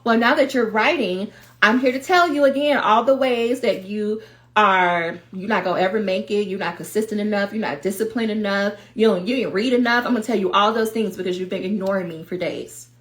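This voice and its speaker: A woman's voice: mid-range voice, a little fast, lightly acted. A woman voicing her own anxious inner voice of self-doubt, needling and taunting in slangy, casual talk.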